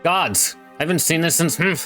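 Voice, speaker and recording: A man voicing a gruff old retired whaler, reading game dialogue aloud. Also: fairly high pitch, moderate pace, sharp tone, soft background music, pitched above the performer's own voice. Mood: stunned.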